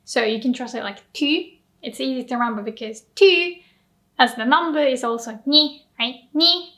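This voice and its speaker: High-voiced Japanese woman teaching. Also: normal speed, fairly bright tone. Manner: playful, acts out example lines. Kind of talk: explaining grammar to camera.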